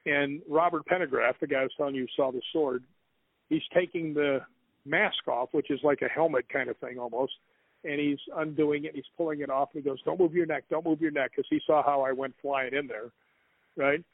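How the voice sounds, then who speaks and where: A guest author with a fairly high voice and fairly even intonation spins a rambling story in an interview, speaking briskly and laughing between lines. The audio is thin and phone-like, dry and close.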